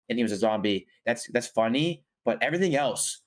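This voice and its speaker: A man in casual conversation who rambles through his opinions, full of "like" and "um" and quick apologies. His voice sits at a middle pitch, unhurried and conversational. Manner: rambling, frequent fillers and self-corrections. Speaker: podcast co-host reviewing a film. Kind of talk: casual chat.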